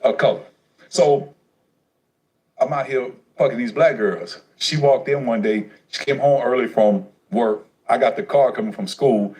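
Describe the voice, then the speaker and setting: A man telling his life story on a casual livestream, profane and streetwise, animated as he goes. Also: medium pitch, unhurried, rough recording.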